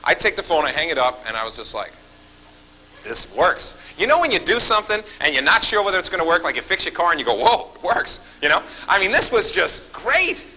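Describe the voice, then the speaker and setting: A man's voice: a little high, fairly quick, husky, rough recording. A man telling stories at a seminar, acting out his phone calls and turning often to the audience. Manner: animated, acts out phone calls, talks to the audience. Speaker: seminar speaker. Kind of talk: seminar storytelling.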